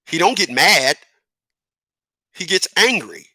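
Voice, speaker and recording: A man's voice: high voice, very animated, slow, pushed and bright, no echo. A middle-aged man giving a casual opinion monologue, emphatic and repeating words as he builds his point. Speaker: commentator.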